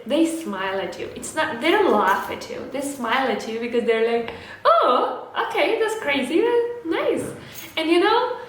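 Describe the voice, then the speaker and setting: A young woman with a slightly high voice talks to camera in a casual, earnest way, often stopping to restart a thought. The room is very echoey, and a faint noise runs underneath. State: a little out of breath. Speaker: lifestyle vlogger.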